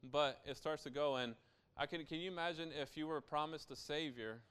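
A man's voice: a little high, fairly quick, fairly bright tone, clear, resonant tone. A young adult man preaching a sermon as pastor, in a conversational style with frequent asides to the listeners.

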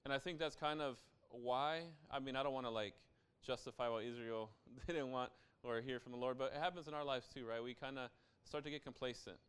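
A man's voice: mid-range voice, fairly even intonation, fairly quick, few pauses, fairly bright tone, smooth. A young adult man preaching a sermon as pastor, in a conversational style with frequent asides to the listeners.

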